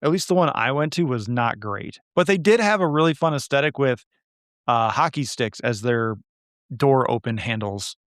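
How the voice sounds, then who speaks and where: Casting note: Midwestern male podcast host, rambling and self-deprecating, smooth clear voice, dry close mic. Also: medium pitch, animated, moderate pace, fairly bright tone, dry recording. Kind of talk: casual chat.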